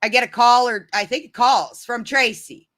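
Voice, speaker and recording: A woman tells a long story to her viewers in an unscripted, casual way. Her voice sits a little high and has a bright, forward edge, and she circles back and restarts as she goes. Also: normal speed. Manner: rambling, many restarts and "you know"s.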